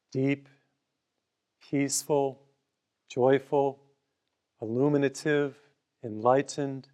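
A man's voice: mid-range voice, darkish tone. A man delivering a broadcast sermon in a mid-range voice. He talks conversationally, leaning on simple everyday parables, and offers listeners free booklets. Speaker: preacher.

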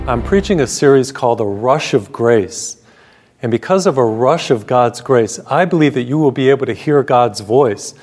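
A man, a Catholic priest hosting a television program, preaching a sermon with stories and slowing down to read scripture. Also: mid-range voice, expressive, faint music behind. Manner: warm storytelling preacher, slows down for scripture.

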